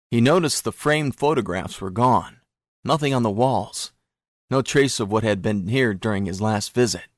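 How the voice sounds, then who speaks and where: A man narrating a thriller story in a steady, even storytelling manner. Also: lowish voice, no room sound, clean studio sound. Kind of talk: audiobook narration.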